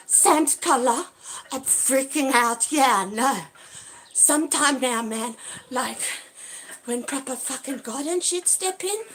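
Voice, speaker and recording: Woman, high voice, angry swearing rant, loud bursts then low mutters, phone livestream, outdoors in a backyard. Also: lively intonation, slow pace, husky. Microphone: handheld phone.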